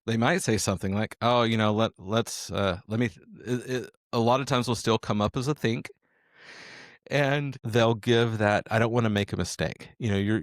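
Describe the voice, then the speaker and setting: A man coaching salespeople in an animated, emphatic way, full of asides and restarts. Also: lowish voice, no echo, studio quality. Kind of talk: energetic coaching talk.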